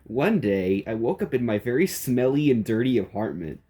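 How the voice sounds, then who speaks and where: A man's voice: medium pitch, big pitch swings, normal speed, dark tone. A man narrating a silly comedic story in a playful, chuckling way.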